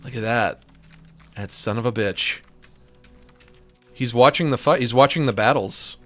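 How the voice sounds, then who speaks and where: A man giving casual, excitable commentary on a video game, swinging between delight and exasperation, with some swearing. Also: medium pitch, measured pace, faint music behind. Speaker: gaming streamer.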